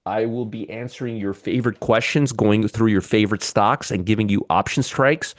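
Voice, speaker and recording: Middle-aged man, lowish voice, host of a live market show; excitable and joking, talks right to the viewers. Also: moderate pace.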